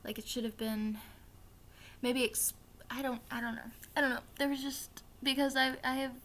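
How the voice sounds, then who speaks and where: Speaking at normal speed in a high, fairly even and fairly bright voice, this book vlogger from the American South chats through a reading wrap-up in her Southern accent. She's young, chatty and rambling, full of fillers like "like" and "um," and swears now and then to make a point, over slight background noise.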